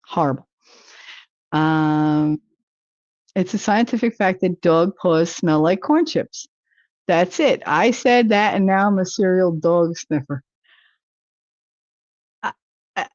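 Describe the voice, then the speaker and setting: A woman's voice: mid-range voice, takes it slowly, long pauses, a little mellow, dry recording, lo-fi sound. A woman hosting a casual livestream talk show, chatting with viewers in a rambling way and laughing easily. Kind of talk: casual chat reacting to viewer comments.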